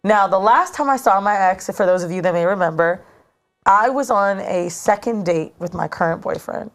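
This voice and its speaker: A woman in her thirties telling a story in casual chat as a podcast co-host, animated and slangy, recorded in a studio. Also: medium pitch, moderate pace. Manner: animated, slangy, dramatic retelling.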